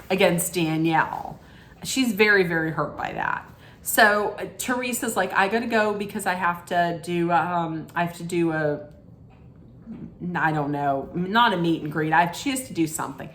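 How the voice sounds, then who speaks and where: A woman chats through a reality show recap at an unhurried, drawling pace. Her tone is sassy and gossipy, loose with fillers and asides, as if talking to friends from her home. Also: fairly low pitch, fairly bright tone, a little hiss or hum. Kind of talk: casual chatty recap.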